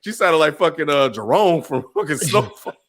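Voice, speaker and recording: A man's voice: a little high, animated, normal speed, fairly bright tone. A man co-hosting a podcast in casual chat, blunt and profane, laughing often. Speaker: podcast co-host.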